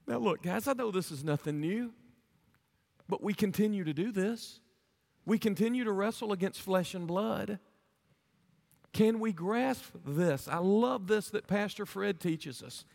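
A man's voice: high voice, lively intonation, measured pace, creaky. A man preaching a sermon to his congregation, earnestly asking them rhetorical questions. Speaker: pastor. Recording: long hall reverb.

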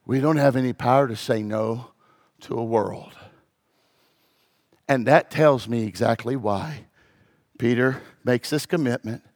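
A man preaching as a pastor, moving from hushed, low passages to loud, shouted peaks. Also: a little slow, long pauses. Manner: dramatic, swings from hushed to shouting. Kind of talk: sermon. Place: church.

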